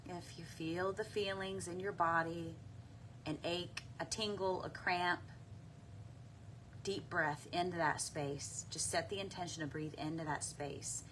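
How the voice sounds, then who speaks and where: A woman guides a tapping meditation at a very slow, gentle pace. Her fairly low voice has a bright, clear edge, and a faint hum sits behind it. She pauses often for deep breaths and audible sighs. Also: steady tone. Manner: soft, unhurried, with frequent deep breaths and sighs.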